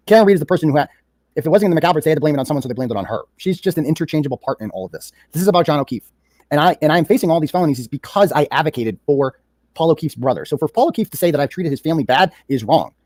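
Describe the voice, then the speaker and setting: A man's voice: on the high side, darkish tone, dry recording, clean studio sound. A man sarcastically retelling a text exchange in a casual recap, with a mocking manner. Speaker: commentator reading his own text messages.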